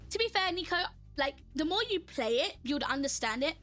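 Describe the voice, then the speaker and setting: Chatty high-voiced woman streamer. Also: lively intonation, a little fast, a bit bright, soft background music. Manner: chatty, laughing, reads out and answers chat. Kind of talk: casual live-stream chat while gaming.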